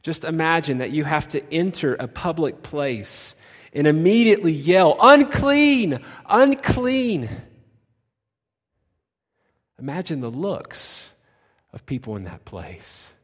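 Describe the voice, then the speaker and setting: A male pastor preaching a sermon, slow and dramatic, dropping to a hush and then shouting out. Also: on the high side, animated, husky. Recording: long reverb of a large hall.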